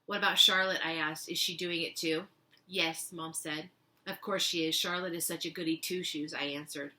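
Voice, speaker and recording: A woman with a bright, clear voice reads a storybook aloud, the way a teacher would. She gives the characters' lines lively expression, and her voice sits a little on the lower side. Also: normal speed.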